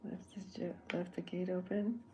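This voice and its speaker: An older, soft-spoken woman artist in a whispered role-play, thinking aloud in halting bits while she sketches. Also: lowish voice, little pitch movement, lo-fi sound, slight background noise.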